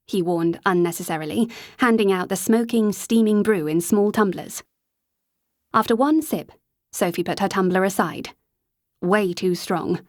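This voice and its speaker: Woman narrator, audiobook reading, mid pitch, dry close studio sound. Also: normal speed, no echo. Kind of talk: scripted narration.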